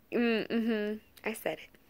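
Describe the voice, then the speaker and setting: A woman's voice: a little high, fairly bright tone, dry recording. A woman chatting casually to her pet dog on camera, playfully scolding and teasing it. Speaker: dog owner.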